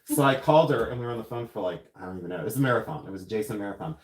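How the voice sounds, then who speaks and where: A man's voice: lowish voice, animated, racing, reverberant. A man hosting a live silversmithing stream, chatting and telling rambling stories while he works. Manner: chatty, rambling storyteller who goes on tangents. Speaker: silversmith livestream host. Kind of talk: casual chat while demonstrating jewelry making. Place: jewelry studio.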